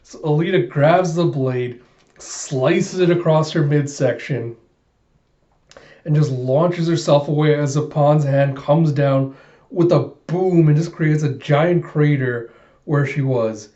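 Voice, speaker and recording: A man's voice: a little high, takes it slowly, dark tone, roomy sound, lo-fi sound. Eager man retelling a comic. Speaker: host reading a comic aloud. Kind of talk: excited comic readthrough.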